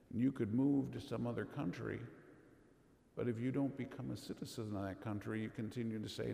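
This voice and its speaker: A man giving an earnest, measured homily at Mass as a Catholic priest, asking rhetorical questions. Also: medium pitch, gravelly, mellow. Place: church. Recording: echoey church with long reverb.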